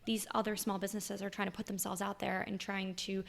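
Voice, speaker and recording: A woman's voice: mid-range voice, level tone, fast talker, gravelly. A young woman from New York, a podcast guest chatting casually and saying "like" a lot. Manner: chatty, heavy use of "like", laughs often. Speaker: podcast guest, social media creator. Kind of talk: casual chat.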